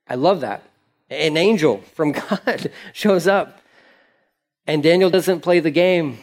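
A man's voice: fairly high pitch, measured pace, a little mellow. A man preaching a sermon as pastor, in a casual, conversational manner with slangy asides.

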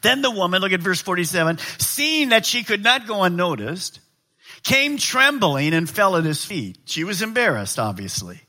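A middle-aged male pastor preaching a sermon, swinging from loud to hushed. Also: high voice, sing-song, normal speed.

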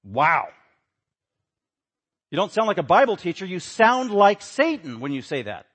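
Male pastor, slightly raised pitch, emphatic sermon delivery with loud rhetorical questions. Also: sing-song, fairly quick, breathy edge.

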